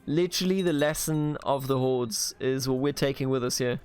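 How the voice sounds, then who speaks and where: A man's voice: mid-range voice, normal speed, darkish tone, clear, resonant tone, faint music behind. A man from Bavaria in Germany commentating a strategy game let's play, playful and mock-grandiose as he talks to the characters on screen. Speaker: gaming video host.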